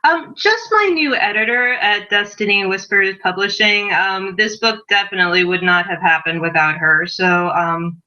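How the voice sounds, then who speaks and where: Bright-voiced giggly woman guest. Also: medium pitch, normal speed, hardly any pauses, highs cut off. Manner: giggly, with many ums. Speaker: guest author. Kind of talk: interview answers.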